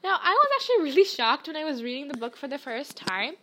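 A woman's voice: sits high, big pitch swings, fast talker, pushed and bright, a little hiss or hum. A woman hosting a podcast, chatting casually and reacting to memes, peppering her talk with "like". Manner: chatty, frequent "like" fillers. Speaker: podcast host.

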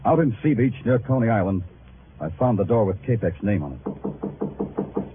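A man's voice: lowish voice, animated, normal speed. Wry hard-boiled radio detective man. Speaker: detective narrator. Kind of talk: 1940s radio acting. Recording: tinny old radio broadcast with music.

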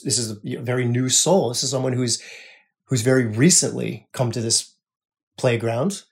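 A podcast host speaks earnestly in a spiritual monologue, his voice at a medium pitch. He repeats phrases and often drops down to a soft hush.

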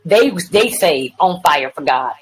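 A woman's voice: sits low, animated, takes it slowly, a little hiss or hum, poor audio. A woman evangelist sharing her personal testimony as a podcast guest, telling her story vividly and acting out what people said. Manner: addresses the host as "woman of God".

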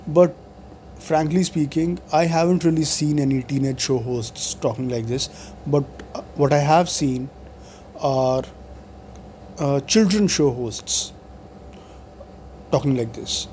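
A man's voice: on the high side, slow pace, long pauses, mellow, slight background noise. A man in his forties, talking to camera in a meandering monologue full of fillers and restarts. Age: 40s. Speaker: video blogger.

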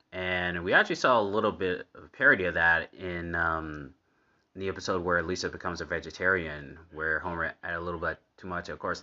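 A man's voice: low-pitched, bright, forceful tone, lo-fi sound. A man giving casual commentary while watching a cartoon episode. He laughs often and chats in an easy way. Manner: laughs often, unhurried and chatty.

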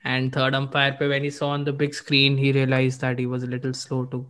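A man's voice: mid-range voice, brisk, smooth. A man with an Indian English accent co-hosting a casual cricket chat, slipping Hindi phrases into his English as he tells stories. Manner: mixes Hindi into English, animated storytelling. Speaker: podcast co-host.

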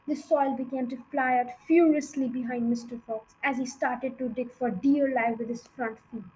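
A woman reads a children's storybook aloud with a high, bright voice. Her reading is expressive and dramatic. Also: normal speed, hardly any pauses, a little hiss or hum, poor audio. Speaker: reader.

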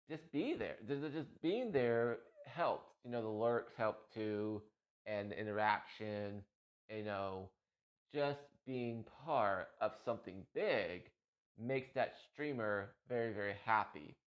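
A man with a somewhat low voice talks to his stream viewers in a casual, heartfelt ramble. He repeats himself often and gets emotional as he goes. The sound is dull and lo-fi, like a cheap streaming mic. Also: slow pace. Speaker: Twitch streamer.

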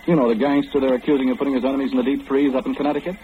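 An actor playing a calm, wry clairvoyant man who knows everything, in 1940s radio acting. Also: medium pitch, narrow, tinny audio, slight background noise, close to an everyday voice. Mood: knowing. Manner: knowing, unhurried, gently mocking.

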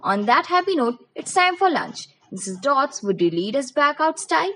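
A woman's voice: high voice, big pitch swings, moderate pace, sharp tone, a little hiss or hum, voice pushed up, heavily acted, poor audio. A woman reading as a stern, demanding male teacher. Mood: lecturing. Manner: formal, pointed questioning. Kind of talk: audiobook reading.

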